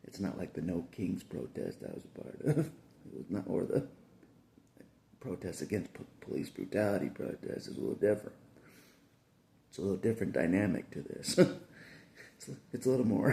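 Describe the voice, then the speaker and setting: Casting: low, gravelly male vlogger with a lively swing in his voice, laughing between lines. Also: a little fast, long pauses. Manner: chuckles through nearly every sentence; repeats phrases, restarts often. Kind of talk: casual rambling monologue.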